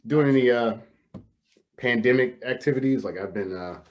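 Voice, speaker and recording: A young man hosts a podcast over a video call, his medium-pitched voice moving at a moderate pace with the high frequencies cut off. It's a casual comedic chat, and he rambles with lots of fillers and frequent laughter.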